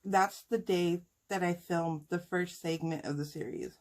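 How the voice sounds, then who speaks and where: A woman's voice: lowish voice, steady tone, unhurried, a little mellow. A woman talking casually and heartfelt to her viewers while eating, emotional and sighing at times. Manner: talks with food in her mouth. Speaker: mukbang vlogger.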